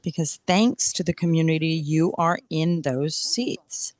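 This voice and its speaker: Slow, measured, low-voiced woman interpreter. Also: lively intonation, darkish tone, no room sound. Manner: slow, measured, deliberate phrasing. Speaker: interpreter at a city council meeting. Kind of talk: consecutive interpretation of public comment.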